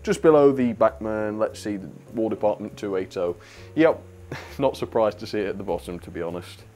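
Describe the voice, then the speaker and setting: A young British man talks through a model train review in a loose, chatty way, with plenty of chuckles and frank opinions. His voice sits a little low for a man. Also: normal speed, darkish tone, soft background music. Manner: chatty, laughs often, blunt opinions. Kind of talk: casual video review.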